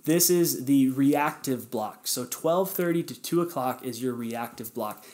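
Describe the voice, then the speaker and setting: A man's voice: mid-range voice, measured pace, a little mellow. A man hosting a podcast, talking casually and earnestly, encouraging listeners and speaking to them directly. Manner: conversational, with fillers and self-corrections. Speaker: podcast host. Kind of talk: casual motivational podcast talk.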